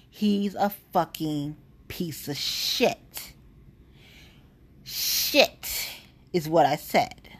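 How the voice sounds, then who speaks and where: Heated, husky-voiced woman ranting. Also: on the low side. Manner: blunt, heated, swears constantly. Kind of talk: profane political rant.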